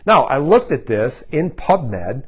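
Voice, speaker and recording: A man's voice: medium pitch, big pitch swings, slow pace, slightly rough. Guy doing a chatty health explainer video, medium voice, lots of uhs and "okay?", keeps saying guys. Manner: conversational, many fillers, addresses viewers as "guys". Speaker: health practitioner.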